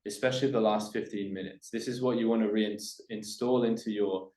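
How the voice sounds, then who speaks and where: A man's voice: fairly low pitch, fairly even intonation, brisk, darkish tone, reverberant, rough recording. A man giving a coaching presentation to camera, pushing his points hard and swinging his voice up and down for emphasis. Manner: emphatic, demonstrates upward and downward inflection, drops voice on key points. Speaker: business coach.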